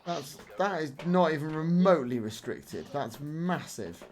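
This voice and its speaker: A man's voice: fairly high pitch, expressive, unhurried, darkish tone. A man hosting a game stream, chatting casually and wryly, thinking aloud with restarts over a voice-chat mic. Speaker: streamer and host.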